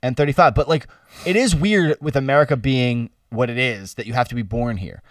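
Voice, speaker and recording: A man's voice: mid-range voice, no echo, studio quality, distant mic. A man in his twenties co-hosting a casual chat, riffing jokes and swearing freely. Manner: rapid, animated and profane, riffing jokes. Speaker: podcast co-host.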